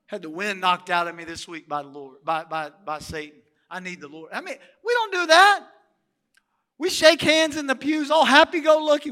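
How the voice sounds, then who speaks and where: A middle-aged male pastor preaching a sermon in a church, animated and asking the congregation questions. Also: extremely high pitch, normal speed, long reverb tail.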